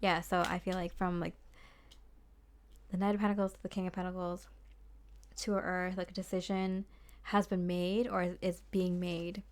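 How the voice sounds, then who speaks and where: Young woman doing a tarot reading, slightly low voice, rambly and chatty, lots of ums and little laughs. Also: little pitch movement, normal speed, long pauses. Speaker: tarot card reader. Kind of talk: casual spoken tarot reading.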